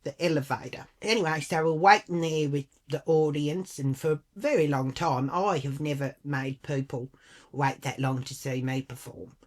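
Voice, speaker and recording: Blunt, sweary woman, low voice. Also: moderate pace, a little mellow. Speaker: vlogger. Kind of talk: storytime vlog.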